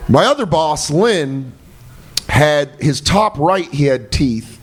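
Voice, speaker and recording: A man's voice: a little high, expressive, takes it slowly. A young man, a comedian and guest on a podcast, telling profane stories casually and laughing as he talks. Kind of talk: casual storytelling chat.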